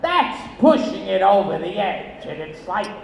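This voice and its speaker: A man performing a stand-up comedy set on a casino stage, with shrill, abrupt outbursts and deadpan asides. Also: a little slow, creaky. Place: casino stage, live audience. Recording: echoey, noisy audience bootleg.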